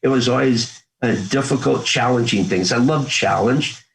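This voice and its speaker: A former Marine from the United States, a man in his sixties, tells his story as an interview guest in an earnest, folksy, conversational way, acting out old family talk. His mid-range voice is creaky, his pace moderate, and the audio poor.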